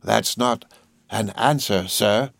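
A man voicing a pompous, angry older male headmaster who talks slowly and blusters. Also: on the low side, creaky, fairly bright tone, no room sound, full character voice. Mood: blustering.

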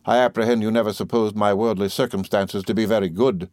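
A man voicing a humble, weary male schoolteacher who speaks quietly and with restraint. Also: on the low side, fairly even intonation, fast, no room sound, studio quality, lightly acted. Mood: restrained.

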